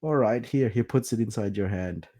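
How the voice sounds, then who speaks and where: A man runs a tabletop game in a slow, easygoing way, stumbling over words now and then. His voice is low and dark-toned. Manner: relaxed, hesitant narration with fillers. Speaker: game master.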